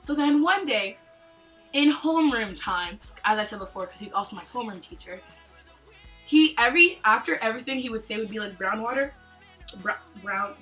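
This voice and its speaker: A young woman from Canada tells school stories in a casual vlog. Her voice is bright and slightly high, and she jokes and imitates people as she goes. Faint music plays behind her. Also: brisk, poor audio. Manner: animated, joking, acts out quoted lines. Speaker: vlogger. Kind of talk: casual storytime chat.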